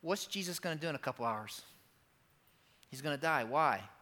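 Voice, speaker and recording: A man preaching a sermon as a pastor, emphatic and animated, acting out quoted lines and tossing asides to the congregation. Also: on the high side, normal speed. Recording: long hall reverb.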